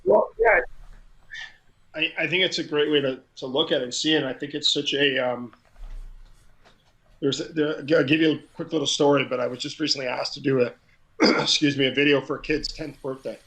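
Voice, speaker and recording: A man's voice: mid-range voice, steady tone, a little fast, a bit bright, low-quality recording. A middle-aged man, a guest on an interview show, tells a story casually and with energy, often repeating words as he gets going. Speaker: guest, crowd hype man.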